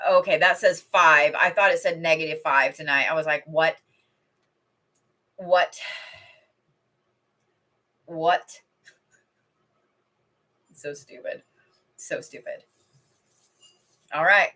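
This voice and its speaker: A middle-aged woman talks from home in a loose, rambling way, swearing casually between card readings. Her voice is bright and forward but sits a little low. She sounds like a host chatting live with regular viewers. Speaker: intuitive card reader.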